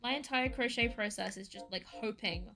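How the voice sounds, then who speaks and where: A woman's voice: fairly high pitch, moderate pace, pushed and bright, soft background music. A woman streaming from home, chatting casually in a rambling, ranty way, with lots of "like". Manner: rambling, ranty, heavy use of "like". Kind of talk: casual chat.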